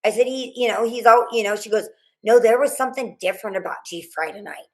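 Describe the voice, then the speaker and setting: A middle-aged woman being interviewed, recounting a frightening night in a rambling, halting way, full of restarts and quoted dialogue. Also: fairly high pitch, a little mellow, low-quality recording. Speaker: guest, mother of a murdered student. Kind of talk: emotional interview storytelling.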